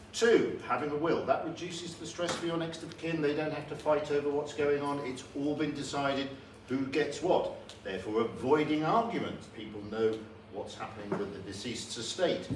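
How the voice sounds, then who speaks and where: A man doing a will adviser's pitch. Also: lightly acted. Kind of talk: mimicking a colleague's pitch. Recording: far, roomy, background noise.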